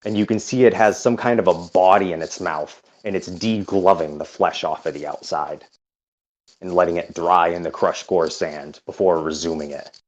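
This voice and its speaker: Deep-voiced man narrating a game. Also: fairly even intonation, highs cut off. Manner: unhurried, with frequent hesitations. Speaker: game master.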